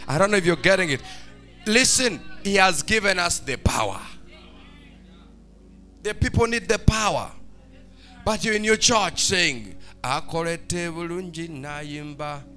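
A man preaching a fervent church sermon, swinging between shouted, sing-song lines and hushed, quiet ones. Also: high voice, lively intonation, moderate pace, pauses often, faint music behind. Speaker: pastor. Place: church service.

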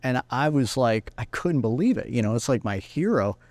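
A man with an average-pitched voice tells stories from his music career with animated energy, often slipping into other people's voices as he quotes them. The recording is dry, with no room sound. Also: moderate pace, dry recording. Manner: acts out other people's lines while telling stories. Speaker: guest guitarist. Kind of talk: animated anecdotal storytelling.

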